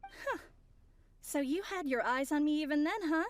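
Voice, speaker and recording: A woman's voice: high-pitched, expressive, moderate pace. A woman voicing a composed, polite young woman of mystery in a dubbed video game.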